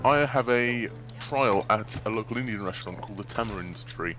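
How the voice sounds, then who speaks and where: A man's voice: lowish voice, a little fast, music in the background. A man in a casual chat with friends while gaming, correcting the others in a pedantic way.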